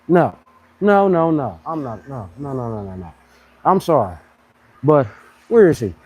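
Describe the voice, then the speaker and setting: A man in his thirties hosting a casual live fitness chat, blunt and animated, full of slang, often mimicking other people in a higher voice. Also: moderate pace, a little hiss or hum, low-quality recording. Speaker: fitness channel host.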